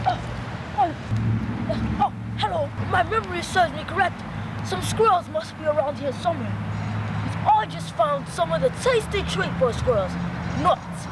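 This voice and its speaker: A man's voice: very high-pitched, expressive, pitched above the performer's own voice. A young man narrating a homemade nature documentary, putting on a hammy Australian nature-show host accent, recorded outdoors on home video with traffic noise behind. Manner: hammy, exaggerated greetings and drawn-out asides. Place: outdoors near a road, cold.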